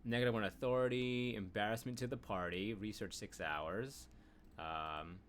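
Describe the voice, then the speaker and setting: In a casual let's-play, a man narrates his game at a normal speed, his fairly low, steady voice carrying a fairly bright tone. He rambles and hums filler sounds while thinking, with slight background noise audible.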